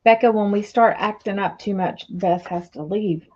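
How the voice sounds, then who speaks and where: A woman's voice: medium pitch, normal speed, darkish tone. A woman on a craft livestream, chatting casually with the host and making dry remarks. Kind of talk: casual chat. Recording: muffled lo-fi audio with clear background noise.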